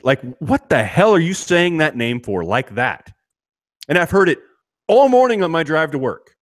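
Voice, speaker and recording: A man's voice: medium pitch, big pitch swings, moderate pace, no room sound. Man, middle-aged, podcast co-host, exasperated rant, casual sports chat, dry sound. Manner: ranting, exasperated, with many restarts.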